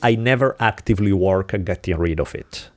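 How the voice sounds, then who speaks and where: A man from Italy with an Italian accent, chatting casually as a podcast co-host, telling animated stories and swearing freely. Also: sits low, a little fast, dry recording. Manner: animated storytelling, acting out exasperated dialogue. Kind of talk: casual chat.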